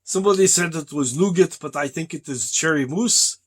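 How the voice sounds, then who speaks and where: A man with a slightly raised voice rambles through a comic monologue. He talks slowly and deadpan and keeps calling the listener brother and man. The recording comes from a truck cab. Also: fairly high pitch. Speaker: vlogger in character. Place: truck cab on a driving break.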